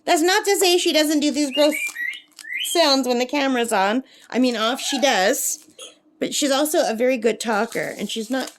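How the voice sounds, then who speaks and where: A woman's voice: sits high, normal speed, slight background noise. A woman chatting casually to camera at a lakeside camp, laughing often and cooing at her pet bird. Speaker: craft vlogger.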